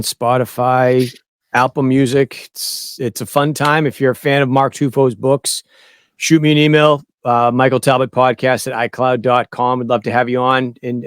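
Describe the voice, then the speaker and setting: A man's voice: medium pitch, clear, resonant tone, no echo, clean studio sound. A man appearing as a guest on a podcast, chatting casually and cracking jokes. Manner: joking, easygoing. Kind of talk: casual chat.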